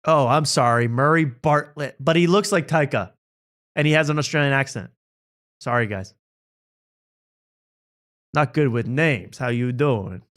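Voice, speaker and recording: A man's voice: medium pitch, unhurried, long pauses, fairly bright tone. A male late-night host with a mid-range voice chats casually about the clips he plays. He jokes easily and laughs often. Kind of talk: casual chat reacting to clips.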